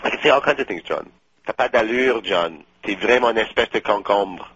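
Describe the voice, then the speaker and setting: A boastful, pushy know-it-all. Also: male voice, fairly low pitch, fairly quick, a bit bright, husky, dry recording, muffled recording. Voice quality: smug, teasing, self-assured. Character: pushy, boastful middle-aged man showing off schoolboy French. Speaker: eager friend offering to translate. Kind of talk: scripted radio comedy.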